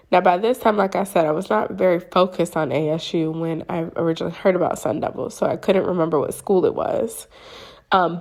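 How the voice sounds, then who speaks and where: A woman hosting a spiritual channel, telling a dream in a casual, animated way, acting out her own reactions and often checking in with listeners. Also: fairly low pitch, vocal fry. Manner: addresses listeners with frequent "okay?" checks.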